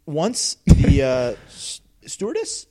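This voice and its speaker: A young man with a somewhat high voice chats in a relaxed way. He cuts in with jokes and quick asides. He sounds easygoing and playful. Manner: joking, interjecting, laid-back. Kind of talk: casual chat.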